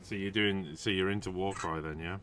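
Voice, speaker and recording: A man's voice: deep voice, fairly even intonation, brisk, fairly bright tone, smooth. A man hosting a casual hobby livestream, rambling and chatty, with lots of restarts and asides. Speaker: host.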